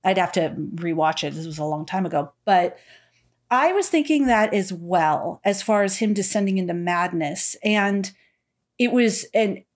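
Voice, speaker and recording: A woman co-hosting a podcast, ranting in an animated, exasperated way and mimicking what others said. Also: mid-range voice, moderate pace. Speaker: podcast co-host. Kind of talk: casual chat.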